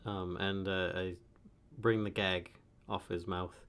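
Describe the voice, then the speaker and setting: A man playing a tabletop role-playing game, declaring his character's actions in a halting way with many uhs. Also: deep voice, level tone, fairly bright tone, clear, resonant tone. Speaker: player. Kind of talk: casual tabletop game play.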